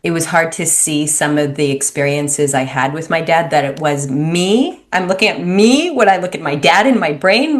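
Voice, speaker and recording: A woman in casual conversation, reflecting on her own experiences in a halting way. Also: low-pitched. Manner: reflective, halting, restarts phrases.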